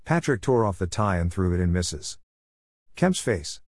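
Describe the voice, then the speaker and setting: A man reading a story aloud in a steady, wry narrating manner. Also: low voice, moderate pace, no room sound, studio quality.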